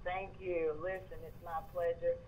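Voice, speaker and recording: A man's voice: fairly high pitch, level tone, normal speed, crowd noise, poor audio. A man from Georgia with a Southern accent, calling into a show and chatting in a friendly, rambling way. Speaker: caller. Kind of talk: phone-in conversation.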